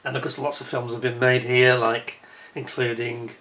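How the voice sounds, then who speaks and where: Ranting man with a bright voice. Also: mid-range voice, moderate pace. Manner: indignant ranting storyteller, lively and exasperated. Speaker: travel vlogger. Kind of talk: voice-over narration of holiday footage.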